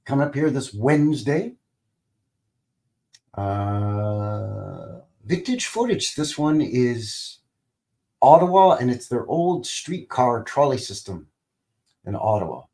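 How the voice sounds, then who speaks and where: A man's voice: medium pitch, lively intonation, slow, gravelly, pauses often, dark tone. A Canadian man hosting a casual livestream, rambling and enthusiastic, often chuckling. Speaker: livestream host. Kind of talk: casual live-show chat.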